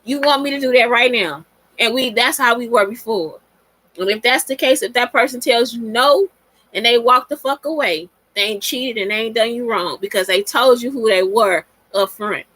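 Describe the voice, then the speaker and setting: Woman host, higher voice, blunt and profane, dry close sound. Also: normal speed, a bit bright, no echo. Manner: blunt and profane, talks straight to listeners. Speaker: podcast host. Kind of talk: casual monologue answering listener questions.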